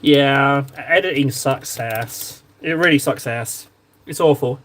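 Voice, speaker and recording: An English man paints miniatures on stream while chatting casually with his viewers, easygoing and quick to poke fun at himself. His voice is medium-pitched, fairly bright and slow.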